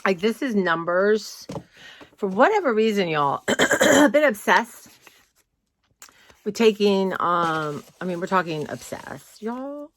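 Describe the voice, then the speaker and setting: A woman's voice: mid-range voice, big pitch swings, takes it slowly, fairly bright tone. A woman vlogging casually from her home, chatty and rambling, often saying "y'all". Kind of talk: casual chat. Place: home, indoors.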